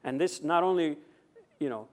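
A man preaching a sermon, reading scripture deliberately and then giving an emphatic running commentary. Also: fairly high pitch, expressive. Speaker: pastor.

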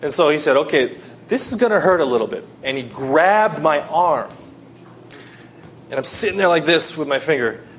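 A man preaching a sermon, telling a personal story and swinging between loud pleading and hushed tones. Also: fairly high pitch, expressive, moderate pace, slight background noise.

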